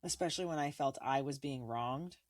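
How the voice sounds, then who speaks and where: A woman with a low-pitched voice, co-hosting a casual podcast. She tells lively stories and acts out each quoted line. The sound is dry and close. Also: a little fast, dry recording. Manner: animated storytelling, acts out quoted lines. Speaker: podcast co-host. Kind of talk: casual chat.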